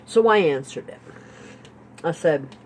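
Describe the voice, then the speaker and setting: A woman's voice: low voice, expressive, measured pace, darkish tone, slight background noise. A woman vlogger telling a personal story in a rambling, repetitive way, full of "like" and "you know.". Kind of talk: storytime vlog.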